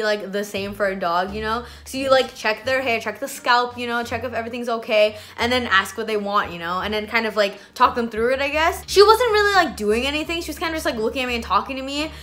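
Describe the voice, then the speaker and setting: A woman's voice: on the high side, fast, few pauses, pushed and bright. A young woman vlogger from Canada telling an exasperated storytime rant in a chatty way, full of "like.". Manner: chatty, exasperated, heavy use of "like".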